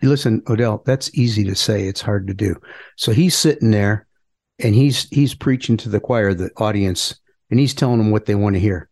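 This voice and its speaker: A man's voice: lowish voice, normal speed, gravelly, darkish tone. A middle-aged man, a politician co-hosting a podcast, talking in a plain-spoken, earnest, folksy way. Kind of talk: casual political chat.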